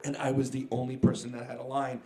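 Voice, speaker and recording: A man's voice: medium pitch, fast. A man in his forties, a celebrity guest on a convention panel, telling stories with laughs and acted-out quotes. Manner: animated, laughing storyteller who acts out quotes. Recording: echoey convention hall.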